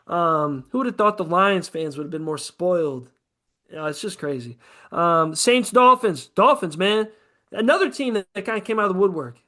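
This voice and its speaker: Higher-voiced dude rambling and cussing about football on a podcast, super animated. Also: male voice, normal speed. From American Midwest. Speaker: podcast co-host. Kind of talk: casual sports chat.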